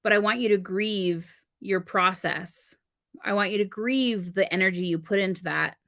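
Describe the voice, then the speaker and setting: Woman cohost on a live stream, bright ringing voice, acts out little back-and-forth stories. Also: medium pitch, normal speed, creaky. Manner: animated storytelling, acts out quoted exchanges. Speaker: podcast co-host and wedding officiant. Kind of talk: casual live-stream conversation. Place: home studio on a live stream.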